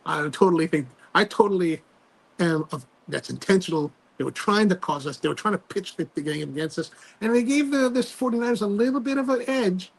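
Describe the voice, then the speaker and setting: A man hosting a casual livestream chat, telling animated stories full of fillers and restarts. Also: high-pitched. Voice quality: gravelly, husky voice. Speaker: host.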